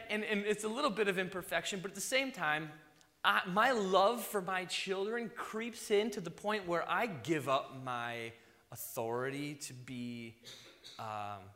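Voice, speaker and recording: A man who is a father, preaching a sermon, swinging between loud emphasis and soft near-whispers. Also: on the high side, measured pace, long reverb tail. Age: young adult to middle-aged, a father.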